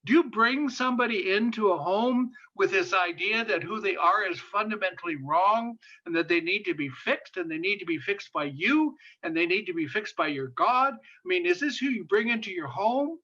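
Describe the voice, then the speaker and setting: A man lectures as a guest speaker in a high, bright voice, telling a story with rising passion. He repeats words for emphasis and often stops on fillers. The recording sounds dull and lo-fi. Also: lively intonation, moderate pace, few pauses. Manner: impassioned, repeats phrases for emphasis, many fillers. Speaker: guest speaker on sexuality and disability.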